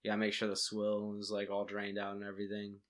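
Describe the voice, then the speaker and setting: A man's voice: lowish voice, completely flat delivery, fast. A man speaking as a podcast guest in casual chat, laid-back and full of slang.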